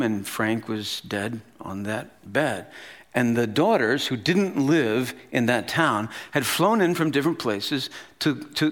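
In a mid-range voice, a pastor in his fifties delivers a sermon built around a story. He tells it in an animated, conversational style, complete with casual asides.

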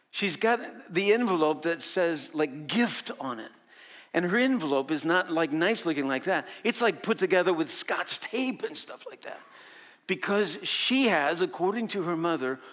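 A man preaching a sermon as pastor, telling stories with animation and dropping to hushed tones on key points. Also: high voice, expressive, normal speed.

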